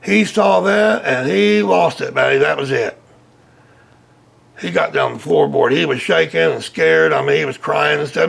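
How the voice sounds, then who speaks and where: Guy telling his story, gravelly and husky, goes big on the quotes. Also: on the high side, moderate pace. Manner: animated, acts out quotes loudly. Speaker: interview guest, witness. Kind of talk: casual storytelling.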